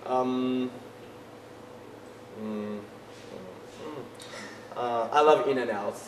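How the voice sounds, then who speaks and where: A young man with a French accent, a band vocalist chatting in a casual interview, halting and full of fillers and restarts. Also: medium pitch, fairly even intonation, recorded from a distance, background noise. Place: concert venue backstage. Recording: echoey, off-mic, loud music behind.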